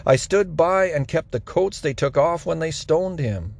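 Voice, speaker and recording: A man's voice: a little high, animated, measured pace, vocal fry. A man reading the apostle Paul's speech as earnest first-person testimony. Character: the apostle Paul, an earnest man defending himself.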